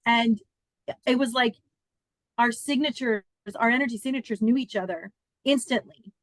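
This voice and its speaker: A woman in her fifties, a podcast guest, telling a personal story in an earnest, animated, chatty way with many fillers. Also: on the high side, moderate pace, no echo.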